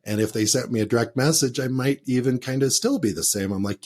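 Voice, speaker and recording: A man hosting a travel podcast, asking questions in an animated, laughing way and acting out what listeners might say. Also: fairly low pitch, quick pace, breathy edge. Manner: animated, laughs, acts out quotes. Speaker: podcast host. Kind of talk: casual interview conversation.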